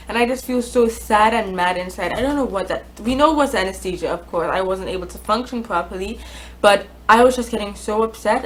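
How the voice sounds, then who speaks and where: A woman's voice: medium pitch, a little hiss or hum, low-quality recording. A woman vlogger telling a casual storytime, chatty, with many fillers and restarts.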